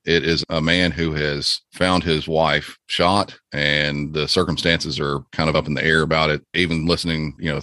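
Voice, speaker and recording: A man guesting on a podcast, explaining emergency calls in a relaxed, casual way. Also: rumbling low, dry recording. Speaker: former 911 dispatcher and podcast guest. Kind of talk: casual interview talk.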